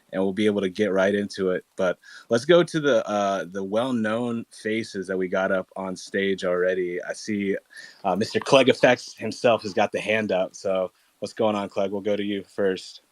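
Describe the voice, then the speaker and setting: A man hosting a casual online audio chat, upbeat and relaxed, with frequent fillers and restarts. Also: on the low side, a little slow, dry recording. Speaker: host.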